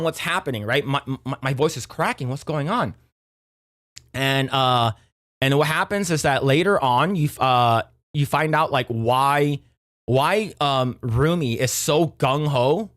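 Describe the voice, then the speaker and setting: A young man with a slightly high voice casually recaps a movie for his stream. He rambles, stumbles through restarts and fillers, and slips into quick impressions of the characters. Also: fairly bright tone. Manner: rambling, many fillers and restarts, acts out quotes. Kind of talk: casual retelling of a movie plot.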